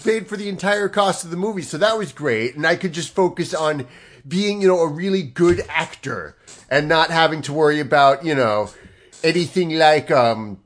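A man's voice: fairly high pitch, moderate pace, lightly acted. A man doing a goofy impression of a famous comedy actor, rambling in a dopey baby-talk drawl.

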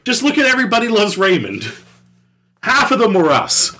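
A man's voice: sits high, huge pitch swings, normal speed, sharp tone, slight background noise. A man co-hosting a casual podcast, arguing his point with dry jokes. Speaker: podcast co-host.

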